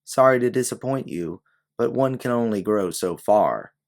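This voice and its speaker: A man's voice: on the low side, animated, normal speed, voice pushed up. A man voicing a secretive, wealthy woman client who sounds anxious and pleading as she tries to hire a detective. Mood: haughty. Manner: anxious, pleading, slipping accent.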